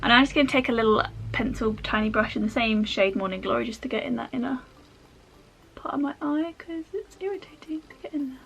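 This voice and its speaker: A woman's voice: fairly high pitch, brisk, gravelly, fairly bright tone. A woman chatting her way through a makeup tutorial at home, rambling with self-mocking asides as she works. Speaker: makeup vlogger.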